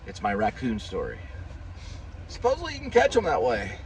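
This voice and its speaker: A man's voice: medium pitch, huge pitch swings, moderate pace, rough recording. A man, vlogging casually while driving, talking in a rambling, folksy, self-deprecating way. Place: in a car on city streets. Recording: road and traffic noise.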